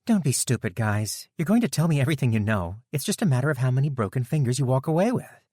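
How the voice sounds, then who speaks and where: A steely middle-aged mother, played by a male narrator, calm and menacing, voice lifted higher. Close and dry. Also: quick pace, slightly rough, no echo.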